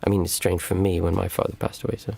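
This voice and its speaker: A male meditation teacher talks through viewer questions on a live stream in a calm, reflective, halting way. His voice sits low with a heavy gravelly fry and a husky edge. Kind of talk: livestream Q&A talk.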